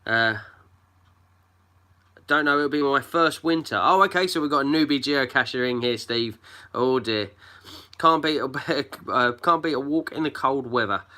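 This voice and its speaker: A man's voice: medium pitch, measured pace, pushed and bright. A man hosting a casual live stream from home on his phone, chatting and greeting viewers by name. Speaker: geocaching livestream host.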